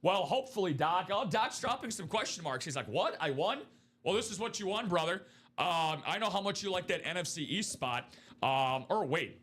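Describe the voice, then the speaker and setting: A man hosting a live stream of memorabilia breaks, chatting upbeat and fast as he pitches to viewers. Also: expressive, fairly bright tone. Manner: upbeat, chatty, quick patter.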